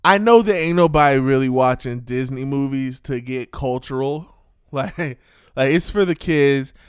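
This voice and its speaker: A man's voice: medium pitch, normal speed, smooth, no echo, studio quality. A man giving a casual, ranting monologue full of repeated rhetorical questions and streetwise slang.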